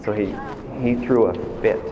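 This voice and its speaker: A man's voice: lowish voice, moderate pace, lo-fi sound, noisy background. A man recounting events in casual talk, rambling with stammered restarts.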